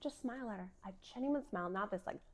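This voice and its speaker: A woman's voice: medium pitch, fast. A woman in her thirties telling a personal faith story in a casual, chatty way, with lots of filler words and frequent laughter. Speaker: vlogger sharing a faith story.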